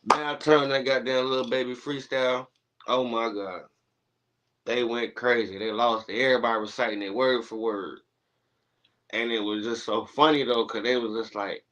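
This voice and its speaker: A man telling stories in casual podcast chat, animated and laughing, acting out what he and others said. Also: medium pitch, normal speed, dull audio. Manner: animated, laughing storyteller, acts out his own quotes. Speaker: guest.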